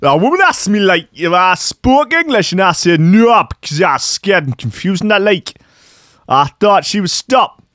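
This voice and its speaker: A flustered, frightened woman stumbles through her words in a put-on foreign accent, as a man voices her. The voice sits high and lifts louder than his usual talk, and it is recorded dry and close. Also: sing-song, normal speed, dry recording. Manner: hesitant, flustered, filler-laden.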